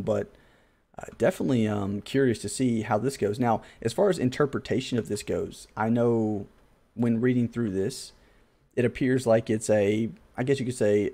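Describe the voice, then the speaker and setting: A man with a lowish, warm and mellow voice hosts a casual gaming podcast. He thinks aloud as he goes, drifting through long, loose explanations and poking fun at himself now and then. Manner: thinks aloud, self-deprecating, loose and rambling. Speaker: podcast host.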